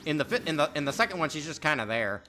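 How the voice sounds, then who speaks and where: A man's voice: fairly high pitch, very animated, racing, sharp tone. A man appearing as a guest on a game stream, laid-back and opinionated in casual chat, laughing easily.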